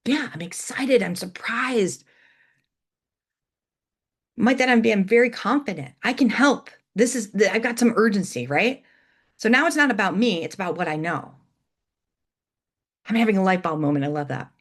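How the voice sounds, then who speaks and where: A woman's voice: medium pitch, animated, moderate pace, long pauses. A middle-aged woman presenting an educational webinar, coaching listeners and demonstrating how emphasis changes meaning. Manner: warm coaching tone, reads chat aloud, demonstrates emphasis.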